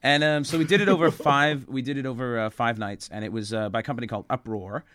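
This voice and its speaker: A man's voice: medium pitch, fast, a bit bright, a little hiss or hum. A man chatting casually as a comedian guest, rambling with restarts and laughing often. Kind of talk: casual podcast chat.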